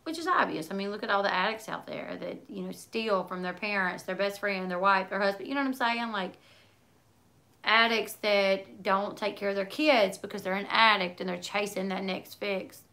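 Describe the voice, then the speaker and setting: Bright-voiced chatty woman streamer. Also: medium pitch, normal speed, creaky. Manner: chatty, talks in run-on asides with many likes. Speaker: livestream host reading viewer comments. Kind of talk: casual chat.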